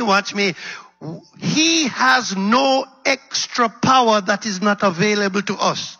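A male preacher delivering an animated sermon that swings between loud shouts and low murmurs, calling out to his congregation. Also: slow, husky, muffled recording. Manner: calls out to the congregation.

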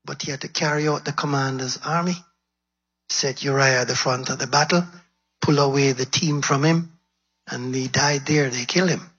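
A man preaching a sermon, retelling a story dramatically and acting out its quotes in a husky voice. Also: mid-range voice, steady tone, normal speed, a bit bright. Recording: dull lo-fi recording.

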